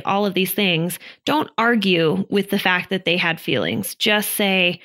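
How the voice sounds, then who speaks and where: A woman's voice: lowish voice, moderate pace, few pauses, bright, forceful tone. A woman in her thirties co-hosting a marriage podcast, talking in an earnest, casual advice-giving way with many fillers. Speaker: podcast co-host. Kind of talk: casual chat about relationships.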